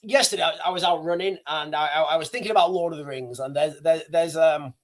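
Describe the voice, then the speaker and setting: A man with a notably high voice hosts a casual livestream. He rambles, circling back and restarting sentences, with plenty of fillers along the way. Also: fast. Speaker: livestream host.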